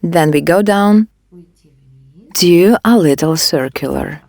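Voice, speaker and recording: Woman, lowish voice, calm step-by-step instruction, beauty lesson. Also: takes it slowly, vocal fry, no echo. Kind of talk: instructional demonstration.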